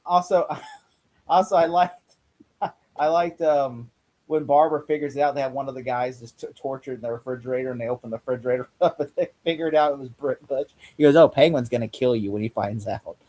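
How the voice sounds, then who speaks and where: A man hosting a casual TV recap chat, acting out characters' lines in quick put-on voices. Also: medium pitch, steady tone, darkish tone. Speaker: podcast host.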